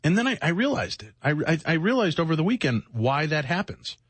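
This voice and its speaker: A middle-aged man co-hosts a late-night radio show, rambling reflectively with self-mocking asides and sounding worn out from lack of sleep. His voice sits on the high side, sing-song and a little fast, with a breathy edge and no echo.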